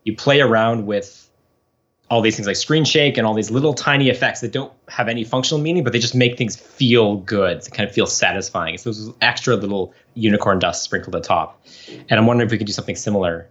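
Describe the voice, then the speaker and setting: A man in his thirties, a professor, explains his research in relaxed, rambling sentences full of fillers. His voice sits on the low side. The recording sounds dull and lo-fi. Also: fast talker. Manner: chatty, explanatory, with frequent fillers. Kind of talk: casual podcast interview.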